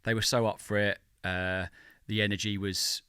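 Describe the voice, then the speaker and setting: A man's voice: lowish voice, little pitch movement, moderate pace, sharp tone, clear, resonant tone, no room sound, clean studio sound. A man co-hosting a podcast, chatty and enthusiastic in casual talk. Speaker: podcast co-host, touring drummer. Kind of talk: casual chat.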